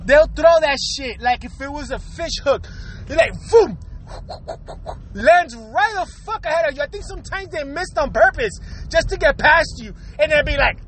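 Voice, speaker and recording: A man with a very high, bright, tense voice tells rowdy comic stories in a loose podcast chat. He swears constantly, laughs through his lines and hammers his points with loud emphasis. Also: expressive, normal speed, a little hiss or hum. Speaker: podcaster recalling his own episode. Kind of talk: casual comic storytelling.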